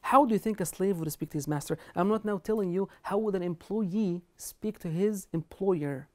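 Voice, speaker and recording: This religious lecture on treating parents kindly comes from an earnest woman with a dark, mid-range voice who talks at normal speed with few pauses. She is emphatic and references Arabic scripture and scholars throughout.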